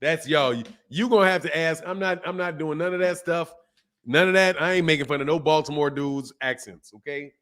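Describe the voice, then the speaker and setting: A man's voice: fairly high pitch, brisk, fairly bright tone. A middle-aged man hosting a casual live stream, talking loosely in slang and reading viewer questions aloud. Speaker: host of a boxing channel live stream.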